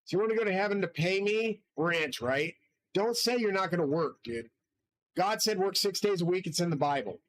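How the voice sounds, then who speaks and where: A man's voice: high-pitched, expressive, normal speed, a bit bright, low-quality recording. A man hosting his own channel, delivering a rambling, profane and grandiose solo monologue from his studio. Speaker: channel host.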